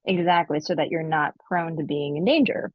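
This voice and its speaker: Husky-voiced woman, animated podcast chat. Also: normal speed, no echo, highs cut off. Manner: animated storyteller, acts out quotes in high voices. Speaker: podcast co-host.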